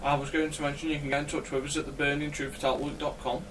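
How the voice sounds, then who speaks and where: A man's voice: fairly high pitch, flat delivery, fast, crowd noise. Sarcastic podcast guy, a bit raised voice, mic sits away from him. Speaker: podcast co-host. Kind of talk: casual banter. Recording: distant mic with faint background noise.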